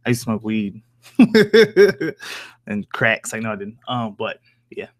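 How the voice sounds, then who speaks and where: A man's voice: lowish voice, level tone, brisk, pushed and bright, dry recording, studio quality. Rambling, profane young man from Oklahoma. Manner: rambling, profane, joking, lots of fillers. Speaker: streamer reading chat. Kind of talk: casual live-stream chat.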